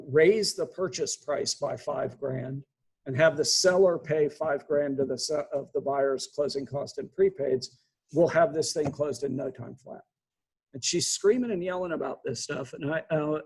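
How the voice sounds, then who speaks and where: A man, a real estate agent, bluntly retelling a tense client call in a casual monologue, with quick restarts. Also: medium pitch, gravelly, darkish tone, slightly rough, low-quality recording.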